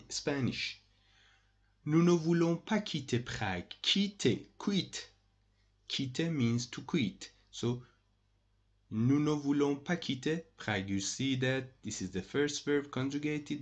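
A man teaching a French lesson online, patiently repeating each example and pausing to find his words. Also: medium pitch, darkish tone. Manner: thinks aloud with pauses and restarts.

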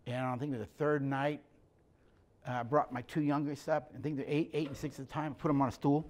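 A man's voice: medium pitch, level tone, brisk, a little mellow. A middle-aged man giving a conversational teaching talk, telling stories and acting out the dialogue in plain, direct speech. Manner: plainspoken storyteller, acts out dialogue. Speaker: speaker on emotional health and leadership.

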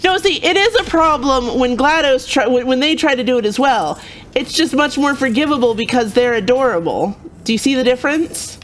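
A woman's voice: high-pitched, expressive, a little fast, slight background noise. Playful woman streamer muttering over gameplay. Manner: playful, teasing, mutters to herself. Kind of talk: casual gameplay commentary.

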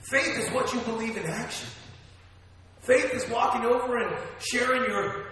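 Energetic high-voiced preacher, echoey church. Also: male voice, moderate pace. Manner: energetic, calls for amens. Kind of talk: sermon. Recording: echoey church hall, distant mic.

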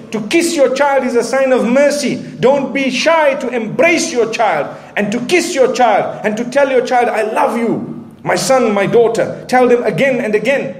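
A man's voice: sits high, big pitch swings, normal speed, roomy sound. A man delivering an earnest sermon with Arabic phrases and touches of light humor. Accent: Southern African English. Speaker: preacher.

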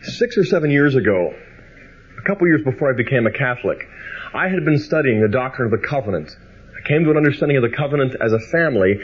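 A man giving a biblical theology lecture. He reads scripture slowly with emphasis, then speeds up into personal storytelling. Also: medium pitch, husky, dull audio.

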